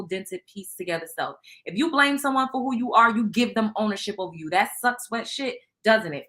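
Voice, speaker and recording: A woman hosting a show, chatting casually with viewers and reading out tarot cards in a loud, animated, profane way. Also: medium pitch. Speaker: show host.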